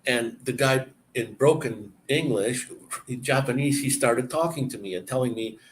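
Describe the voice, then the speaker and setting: A man's voice: medium pitch, normal speed, a little hiss or hum, rough recording. A man from Canada telling stories in casual chat, rambling and opinionated, with frequent restarts.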